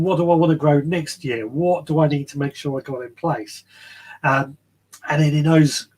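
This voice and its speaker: A man hosting a casual live gardening chat from his shed, rambling and friendly, reading out viewer comments. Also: on the high side. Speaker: podcast host.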